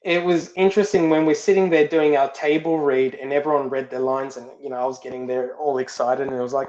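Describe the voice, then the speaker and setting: A man's voice: on the high side, steady tone, moderate pace, few pauses. A man, a film director and guest, telling stories in a casual interview, often repeating words as he searches for them. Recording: roomy, dull lo-fi sound.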